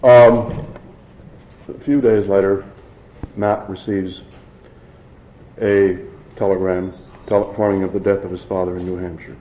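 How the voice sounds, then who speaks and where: A man's voice: low-pitched, level tone, unhurried, pauses often, reverberant, dull audio, slight background noise. A man reading a novel aloud, unpolished, with some restarts. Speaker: reader.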